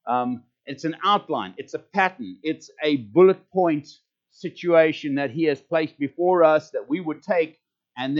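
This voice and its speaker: South African male pastor, emphatic preacher who repeats words, muffled lo-fi recording. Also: on the high side. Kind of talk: sermon. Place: church service. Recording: dull lo-fi recording.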